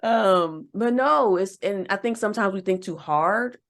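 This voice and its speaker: A woman co-hosting a relationship podcast in casual chat, acting out quoted lines in a higher voice. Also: unhurried. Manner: animated, acts out quotes in a higher voice. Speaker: podcast co-host.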